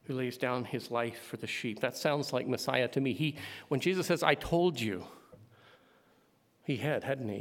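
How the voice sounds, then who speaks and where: A man preaching a sermon, building to loud emphatic climaxes. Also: mid-range voice. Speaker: pastor. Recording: long hall reverb.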